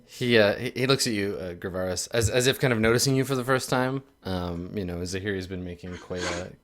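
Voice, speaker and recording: A man narrating as game master in a tabletop game, with many pauses and fillers. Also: fairly low pitch, fairly bright tone. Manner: hesitant, full of fillers, lightly amused.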